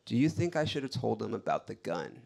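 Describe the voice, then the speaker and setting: A man's voice: medium pitch, big pitch swings, brisk, vocal fry, background noise, pitched below the performer's own voice. A man voicing his flustered young girlfriend, who speaks hesitantly and sheepishly.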